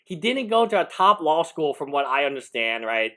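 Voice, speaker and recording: A man's voice: on the high side, very animated, normal speed, pushed and bright. A man, a lawyer, giving live reaction commentary, incredulous and laughing, rambling with restarts.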